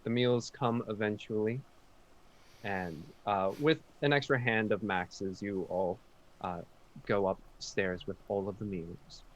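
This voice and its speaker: A man with a fairly low voice narrates as game master. He keeps it loose and casual, stopping often to search for words while he describes the scene. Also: slow pace, highs cut off. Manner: relaxed, easygoing narration with frequent ums.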